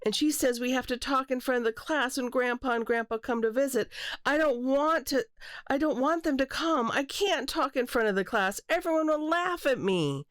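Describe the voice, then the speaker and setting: A woman voicing a shy, upset little girl in a storybook read-aloud, with a high, small, tearful child voice. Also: sing-song, takes it slowly, no room sound, studio quality.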